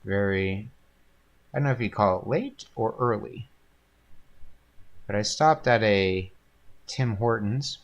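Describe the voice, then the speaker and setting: A man's voice: fairly low pitch, creaky. A man hosting a painting livestream, chatting casually and rambling, with frequent laughs. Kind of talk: casual chat while painting.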